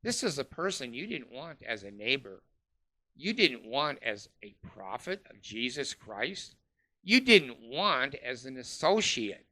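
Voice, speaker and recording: A man's voice: mid-range voice, sing-song, a little slow, sharp tone. A man delivering a scornful, profane ranting monologue, full of uh fillers. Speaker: commentator.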